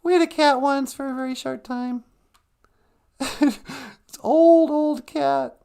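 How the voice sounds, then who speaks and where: Giggly, high-voiced woman chatting slowly. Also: steady tone, vocal fry, mellow. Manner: laughs often while talking; reads out viewer comments. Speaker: live stream co-host. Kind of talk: casual chat with chat readers.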